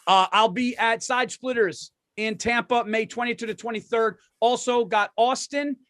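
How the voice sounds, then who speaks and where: A man's voice: very high-pitched, steady tone, moderate pace, a bit bright, no echo, studio quality. A man co-hosting a comedy podcast, chatting casually, agreeing and plugging his shows. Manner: agreeable, plugging tour dates. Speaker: podcast co-host.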